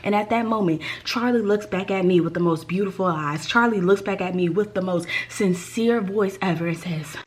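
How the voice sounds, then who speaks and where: A woman vlogger telling a story from her own life, animated and fond of repeating lines for effect. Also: medium pitch, normal speed, few pauses, a little hiss or hum. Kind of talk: storytime vlog.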